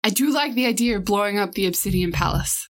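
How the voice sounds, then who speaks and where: A woman's voice: medium pitch, expressive, fast. Woman player describing her dragon's moves. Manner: casual, decisive in-character narration. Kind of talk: playing a tabletop game in character.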